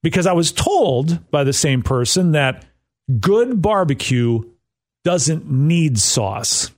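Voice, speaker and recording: Male co-host, northern US, animated self-mocking storyteller, lively delivery. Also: fairly high pitch, takes it slowly. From northern United States. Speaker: podcast co-host. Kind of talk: casual chat.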